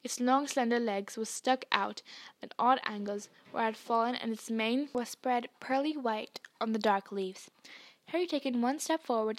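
A woman reading a novel aloud in a slow, hushed storytelling manner. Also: a little high, no room sound. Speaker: reader.

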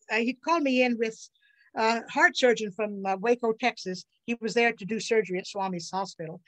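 An older woman from the USA, telling personal stories as an interview guest in an earnest, halting way with many restarts. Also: on the high side, a bit bright, low-quality recording. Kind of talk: personal storytelling.

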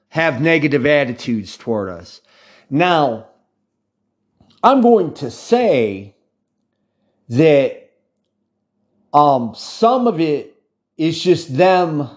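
Slightly high and darkish in tone, the voice is that of an American channel host in his fifties talking casually to viewers. He rambles, goes off on tangents and restarts sentences often, with plenty of fillers.

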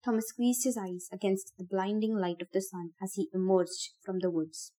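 Woman narrator for a podcast book reading; expressive, warm mellow tone. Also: medium pitch, moderate pace. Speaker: audiobook reader.

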